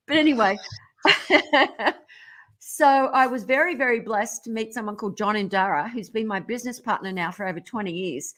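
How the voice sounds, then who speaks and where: A middle-aged woman telling stories as a radio interview guest, animated and irreverent, often breaking into laughter. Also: fairly high pitch.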